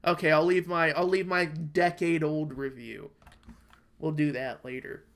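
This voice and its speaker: Profane rambling American man, slightly high. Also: steady tone, a little slow, a bit bright. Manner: rambling, profane, worked-up storytelling. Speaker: podcast co-host. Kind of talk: casual chat. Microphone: online call microphone.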